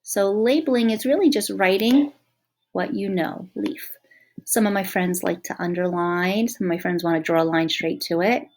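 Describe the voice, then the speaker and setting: A woman teacher giving a drawing and labeling lesson to young children, speaking gently and slowly sounding out words. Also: on the low side.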